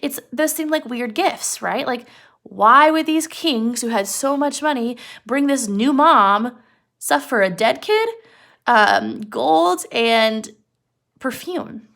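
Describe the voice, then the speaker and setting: A woman's voice: high voice, animated, slow, gravelly, fairly bright tone. A young woman casually retelling a story as a lesson, chatty with frequent fillers and rhetorical questions. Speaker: teacher explaining a story.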